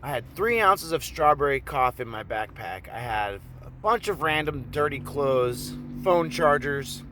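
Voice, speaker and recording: A man from Oregon casually telling a personal story in a rambling, profane, animated way. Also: mid-range voice, slight background noise.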